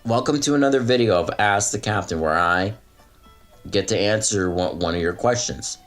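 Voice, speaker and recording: A man's voice: fairly low pitch, normal speed, faint music behind, lightly acted. A man in a played clip, acting as a self-important young online "captain" who lectures and complains. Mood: pompous. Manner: pompous, stiff, lecturing, complaining of being pissed off. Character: self-serious young male online "captain" of a chat platoon, touchy and easily angered.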